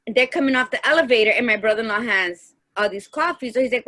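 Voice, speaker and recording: A woman's voice: mid-range voice, animated, a little fast, bright, forceful tone. A woman co-hosting a casual podcast chat, telling heartfelt personal stories and acting out the dialogue in them. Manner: heartfelt storytelling, acts out dialogue. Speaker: podcast co-host.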